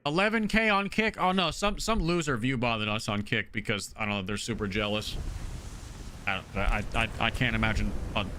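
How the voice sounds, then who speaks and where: A man streaming a video game live, chatting casually and excitably shouting thanks to his supporters. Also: fairly low pitch, normal speed, slight background noise.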